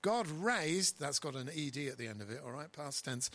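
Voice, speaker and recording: Husky pastor preaching. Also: male voice, mid-range voice, quick pace, low-quality recording. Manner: emphatic, swinging between loud stresses and quiet asides. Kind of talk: sermon.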